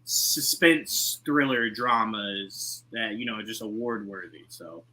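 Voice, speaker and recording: A man's voice: fairly low pitch, slow, bright, forceful tone. A man co-hosting a casual podcast chat, teasing his friends and talking emphatically about shows and actors. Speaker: podcast co-host.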